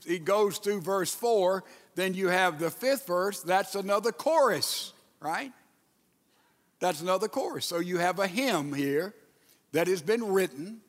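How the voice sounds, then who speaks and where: A man preaches from the pulpit, talking his congregation through scripture and prayer. His voice sits high and moves at an unhurried, deliberate pace. The sound rings with the long reverb of a large sanctuary. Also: a bit bright. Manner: leads congregation in reading and prayer. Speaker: pastor. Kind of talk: sermon. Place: church sanctuary.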